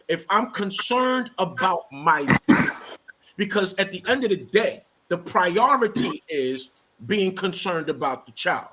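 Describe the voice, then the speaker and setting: A man's voice: high voice, background noise. A man, a bishop on a sports panel, making his case emphatically in a heated casual debate and insisting on finishing his point.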